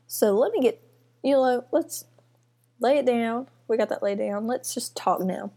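A young woman hosting her first solo podcast from her apartment, chatting in a rambling, nervous and excited way with lots of fillers. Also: on the high side, unhurried. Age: young adult. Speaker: podcast host. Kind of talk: casual solo podcast chat. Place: student apartment. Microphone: computer mic.

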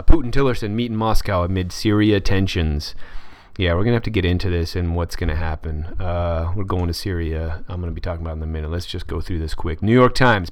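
A man with a lowish voice runs through the day's headlines and comments on them in a loose, wry way, often trailing off with "uh" and restarting. His sound is dry and close, with no room around it. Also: no echo. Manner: offhand, wry, with frequent fillers and restarts. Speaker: podcast host reading headlines. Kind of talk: casual news commentary.

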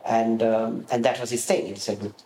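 A man answering interview questions, telling lively stories about his past and acting out the voices of the people in them. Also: on the low side, moderate pace. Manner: animated storyteller, acts out quoted voices. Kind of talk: reminiscing in an interview. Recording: roomy echo with faint room noise.

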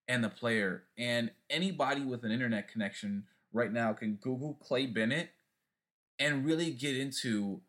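A man hosting a sports podcast, moving the talk along with playful, emcee-like asides. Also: medium pitch. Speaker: podcast host.

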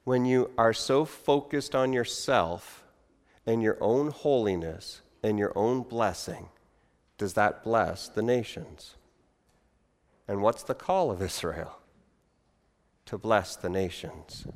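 A man's voice: on the low side, slow pace, long pauses. Male preacher in a reverberant hall. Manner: animated, acts out crowd voices with big swings in loudness. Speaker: pastor. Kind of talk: sermon.

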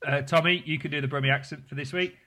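A man's voice: on the high side, steady tone, quick pace, bright, forceful tone. A man hosting a casual podcast chat, talking freely and laughing often. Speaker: podcast host.

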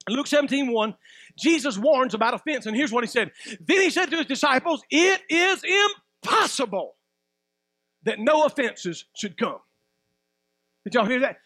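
High-pitched bright preacher man. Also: big pitch swings, normal speed, long pauses, no echo. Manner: preaching with sudden shouts and call-and-response. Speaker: pastor. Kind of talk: sermon.

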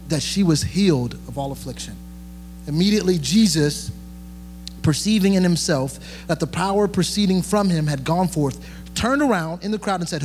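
A man's voice: a little high, a little mellow, long reverb tail, slight background noise. A young man preaching a sermon as pastor, conversational and joking, with many fillers and restarts.

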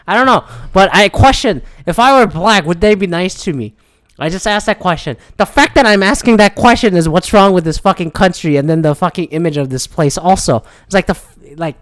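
A man with a slightly high voice rants in a casual, frustrated way, swearing constantly and stumbling over restarts. The sound is dry and close. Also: expressive, brisk, fairly bright tone, dry recording. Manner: profane, frustrated, rambling with restarts. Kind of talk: casual rant.

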